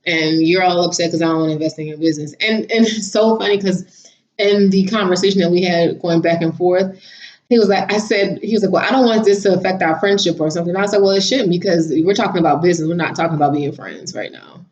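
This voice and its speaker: A woman vlogging casually, telling a story in a chatty, animated way and laughing now and then. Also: on the low side, quick pace. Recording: slightly dull lo-fi audio.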